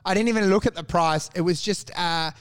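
A man with a notably high voice talks on a casual podcast, excitable and profane. He laughs often and loudly acts out imagined conversations. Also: brisk, clear, resonant tone. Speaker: podcast host.

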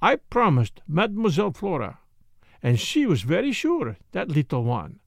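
A man voicing a fussy, excitable older male detective who speaks precisely and emphatically, at times muttering to himself. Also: on the high side, normal speed, creaky, dry recording, heavily acted. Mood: grave. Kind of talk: audiobook character voice.

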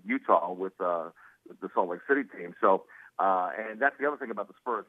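A male sports broadcaster, a guest on a radio show, chatting quickly over the phone with many fillers and laughs. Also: lowish voice, dry recording. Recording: tinny phone line.

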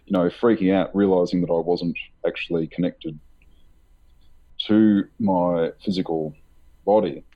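A man being interviewed about his book, telling a personal story in a halting, rambling way with many fillers and nervous laughs. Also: low-pitched, steady tone, lo-fi sound. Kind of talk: candid conversational storytelling.

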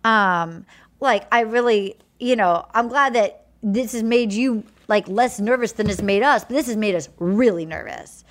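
A woman's voice: fairly high pitch, unhurried. A woman hosting a podcast, animatedly recapping a show with swearing and acted-out quotes. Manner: animated, profane, acts out quotes. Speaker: podcast host. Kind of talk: casual chat recapping a show.

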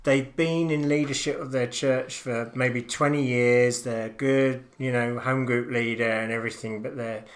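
A man's voice: mid-range voice, fairly even intonation, a little slow, hardly any pauses. A man hosting a podcast interview, chatty and affirming, laughing easily as he asks questions. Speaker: podcast host.

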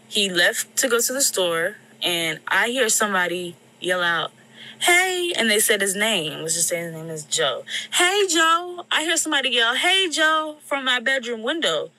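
Blunt, bright-voiced young woman venting. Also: mid-range voice, low-quality recording. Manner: blunt, swearing, exasperated retelling with quoted voices. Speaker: storyteller venting about her boyfriend. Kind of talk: casual storytime vent.

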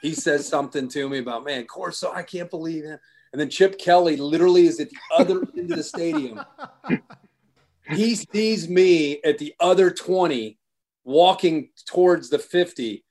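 A man's voice: fairly high pitch, moderate pace. An older man telling a story in a casual chat, acting out what others said. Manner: animated storyteller, acts out quotes. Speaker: guest, sports broadcaster.

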